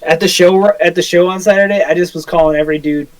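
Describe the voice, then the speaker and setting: Young man, joking podcast co-host, playful storyteller, fairly high voice, dry sound. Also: fairly even intonation, fast talker, clear, resonant tone, dry recording, low-quality recording. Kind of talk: casual chat.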